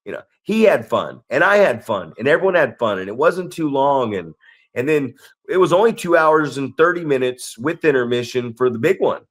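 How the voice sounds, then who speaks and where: A man's voice: mid-range voice, big pitch swings, normal speed. A man co-hosting a podcast, telling a story in casual chat, rambling and restarting his sentences. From Northern California. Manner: rambling, restarts sentences, acts out quoted people. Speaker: podcast co-host.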